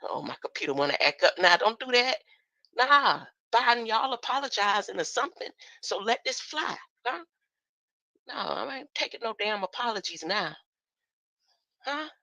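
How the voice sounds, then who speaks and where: Woman streamer, expressive rises and falls, dry close sound. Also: fairly high pitch, normal speed, creaky, dry recording, rough recording. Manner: animated, rhetorical "huh?" asides, laughs often. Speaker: streamer commenting on videos. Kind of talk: casual commentary.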